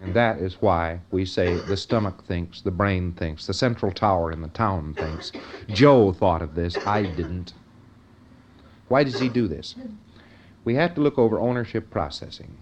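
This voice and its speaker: A man's voice: sits low, unhurried, slight background noise. Man lecturing on a dull lo-fi recording. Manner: conversational, often checks in with "see?" and "follow me?". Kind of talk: informal lecture to an audience.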